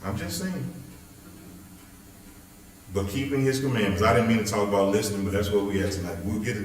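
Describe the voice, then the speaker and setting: A man's voice: lowish voice, brisk, recorded from a distance, a little hiss or hum. A man, a pastor leading a Bible study, preaching conversationally and teasing his listeners with jokes. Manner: joking, lively, teasing the audience. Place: church hall. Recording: very echoey hall, voice off-mic.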